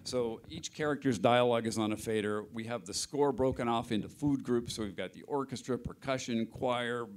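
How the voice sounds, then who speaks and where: A man's voice: mid-range voice, normal speed, few pauses. A middle-aged man, a film sound mixer, explaining his work at a panel interview, hesitant with many restarts.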